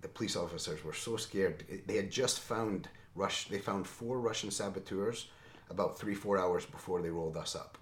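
Guest storyteller: deep male voice, emphatic and animated, in a roomy echoey space. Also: normal speed. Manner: animated, emphatic, tags lines with "right?". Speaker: interview guest. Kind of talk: casual storytelling. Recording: roomy echo.

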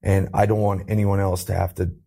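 A low, gravelly man with a husky, dark tone tells his own story in an interview. He is earnest and acts out what others said to him, lifting his voice for the quotes. He is from Canada. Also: little pitch movement, brisk. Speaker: interview guest.

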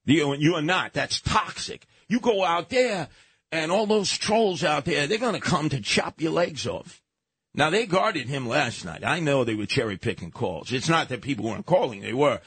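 A man's voice: on the high side, lively intonation, moderate pace, a bit bright, breathy edge, no room sound. A man hosting a radio talk show, telling stories and giving blunt, emphatic advice at a studio microphone.

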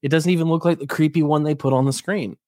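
A man's voice: a little high, steady tone, fast, dark tone, no echo, studio quality. Indignant man telling a story. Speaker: co-host. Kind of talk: casual podcast chat.

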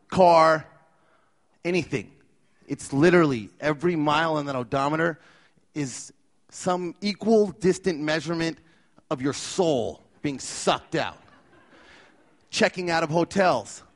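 A man telling tour stories live on stage, wry and self-deprecating with a gloomy streak. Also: fairly high pitch. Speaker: storyteller at a live show. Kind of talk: live storytelling.

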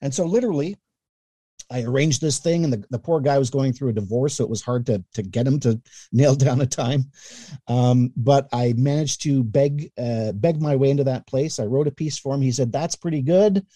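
A middle-aged man from Canada spins anecdotes about his career in a relaxed, easygoing interview. His voice is very mellow and dark-toned, and he livens up his stories by acting out the people he quotes. The recording is dry and close, with no room sound. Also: medium pitch, normal speed, dry recording. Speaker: guest, newspaper columnist and radio voice. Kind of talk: casual interview storytelling.

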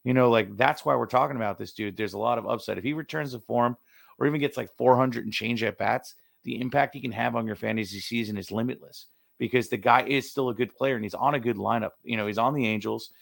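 A man co-hosting a casual sports podcast, excitable, jokey and rambling. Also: mid-range voice, fast talker, creaky, dry recording, clean studio sound. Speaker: podcast co-host.

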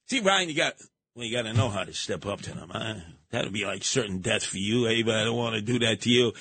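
A man's voice: fairly low pitch, expressive, brisk, bright, forceful tone, husky, no room sound. A man hosting a live talk radio show, mocking and combative, slipping into put-on voices.

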